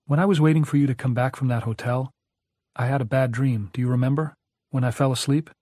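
A small, timid boy, as a man reading a story puts him on, speaking softly and haltingly. The sound is close and dry. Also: medium pitch, steady tone, no room sound, voice pushed up, close to an everyday voice.

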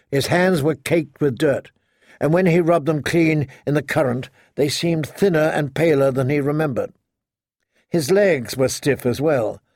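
Gravelly male audiobook narrator. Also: mid-range voice, no echo, studio quality. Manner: measured, steady storytelling.

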